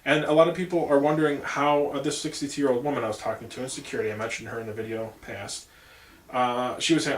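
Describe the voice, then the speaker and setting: A man's voice: mid-range voice, fast talker. A man giving a casual political monologue as a campaign vlogger, rambling with many asides. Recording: echoey room.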